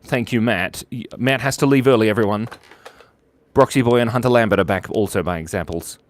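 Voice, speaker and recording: A man's voice: on the low side, a little fast, a little hiss or hum. A man hosting a live drawing stream, playful and giggly as he chats with viewers while he draws. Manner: playful, giggly, silly asides. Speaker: animator hosting a drawing livestream.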